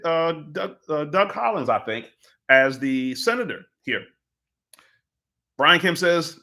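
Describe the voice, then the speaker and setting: Emphatic man with a bright, forceful voice. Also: a little high. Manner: emphatic, repeats key phrases, acts out quotes. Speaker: political commentator hosting his own show. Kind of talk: live political commentary.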